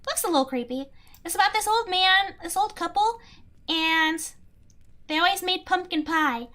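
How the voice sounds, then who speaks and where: A young woman streamer chats casually and answers her viewers, rambling with lots of "like" and breaking into giggles. Her voice sits high and sounds bright. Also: moderate pace. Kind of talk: casual chat, reading chat.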